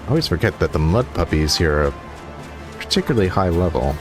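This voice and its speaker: Deep-voiced male streamer, wry casual commentary, quick. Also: animated, music in the background. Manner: wry, joking asides. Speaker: game streamer.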